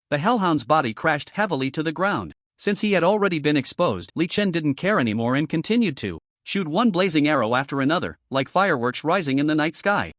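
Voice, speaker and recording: A man narrating a fantasy story recap in a lively, dramatic scripted reading. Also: on the high side, a little fast, hardly any pauses, dry recording, clean studio sound.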